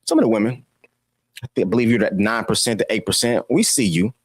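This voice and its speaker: A political commentator delivers a preachy, scolding opinion monologue packed with rhetorical questions. His fairly low voice is fast and breathy, recorded at studio quality with no room sound.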